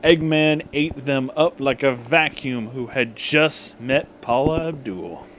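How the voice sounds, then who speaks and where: A man's voice: medium pitch, slow pace, a bit bright, a little hiss or hum. A young man comically reading a story aloud, swearing freely and breaking off for joking asides. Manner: irreverent, swearing, frequently breaking off to joke. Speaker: fan-fiction reader.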